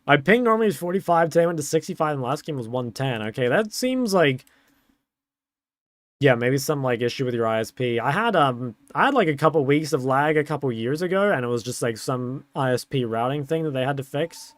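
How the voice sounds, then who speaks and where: A man's voice: mid-range voice, animated, a little fast, no room sound. A young man streaming, chatting casually and answering chat in a laid-back way.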